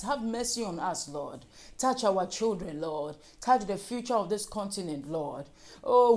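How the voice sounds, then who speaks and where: A woman's voice: mid-range voice, darkish tone. A woman leading fervent group prayer, repeating petitions and breaking into speaking in tongues. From Africa. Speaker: prayer leader.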